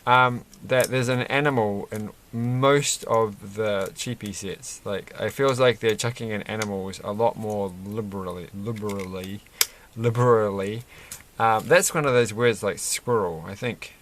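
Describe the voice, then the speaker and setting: This Lego reviewer talks a little slowly in a lowish, fairly bright voice, with few pauses, as he puts together a set at his desk. His chat is loose and rambling, full of fillers and false starts, over a slight hiss or hum.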